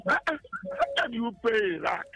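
A man's voice: extremely high pitch, huge pitch swings, measured pace, vocal fry, sharp tone, poor audio. A man calling in to a radio sports show, talking hesitantly with many fillers. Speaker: caller. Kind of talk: phone-in call.

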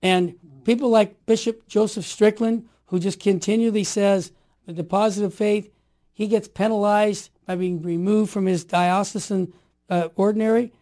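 A man in his sixties with a high yet mellow voice tells stories in a conversation. He talks emphatically and with animation, and sometimes builds to forceful outbursts. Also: steady tone, normal speed. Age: 60s. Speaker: interview guest. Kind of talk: storytelling conversation.

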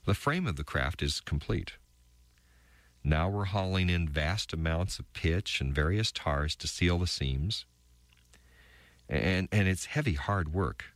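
A man voicing the weary, bitter wife of an ark builder, reading her diary entries with halting, stammered restarts. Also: deep voice, no room sound. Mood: exhausted.

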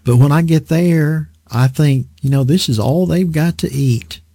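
A husky, somewhat high male voice moves at a measured pace, with studio quality and no echo. He preaches a lively, conversational Bible lesson full of rhetorical questions for his listeners.

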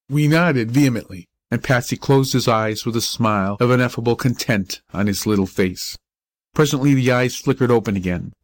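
A man reading a short story aloud as an audiobook narrator, measured and even. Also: on the low side, no room sound. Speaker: audiobook reader.

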